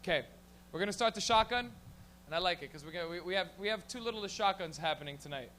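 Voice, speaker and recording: A man with a high, bright, forceful voice hosts a comedy open mic in a small lounge. He rambles through profane stories on a stage mic, with a faint hum behind him. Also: lively intonation. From Canada. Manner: profane, rambling, rapid storytelling. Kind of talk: stand-up comedy and hosting.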